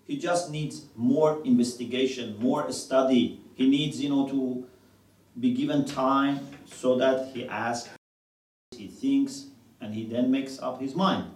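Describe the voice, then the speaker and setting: A man's voice: mid-range voice, fairly even intonation, takes it slowly, darkish tone, echoey room, far from the mic, low-quality recording. A man teaching a religious class, quoting scripture in Arabic and asking his students questions. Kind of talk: classroom lecture.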